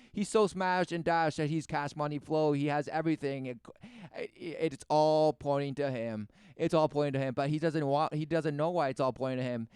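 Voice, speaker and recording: A man's voice: medium pitch, darkish tone, smooth, no echo, clean studio sound. A man giving rambling, preachy religious commentary, repeating words and firing rhetorical questions with sarcasm. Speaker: commentator reacting to a video.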